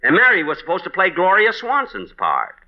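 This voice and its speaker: A man's voice: sits high, wildly swooping pitch, a little fast. A man hosting a 1940s radio comedy show with fussy, exasperated timing. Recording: dull noisy old radio broadcast.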